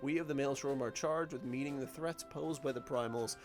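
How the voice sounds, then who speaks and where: A man's voice: medium pitch, fairly quick, natural voice. A man voicing a stern male naval recruiting officer, formal and over-pronounced, with game music behind.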